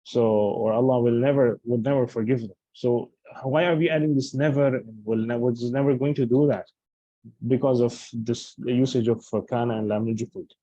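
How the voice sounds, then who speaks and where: A man's voice: medium pitch, fairly even intonation, moderate pace, warm tone, dry recording, highs cut off. A man teaching Arabic grammar in a lecture, explaining patiently and restating each point with examples.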